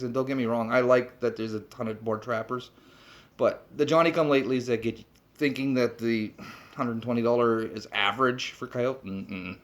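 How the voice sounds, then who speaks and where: A man holds forth to camera in a blunt, animated way, swearing freely. He tags his points with rhetorical questions and talks like an instructor who has said it all before. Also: mid-range voice. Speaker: trapping instructor. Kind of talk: blunt off-the-cuff talk to camera.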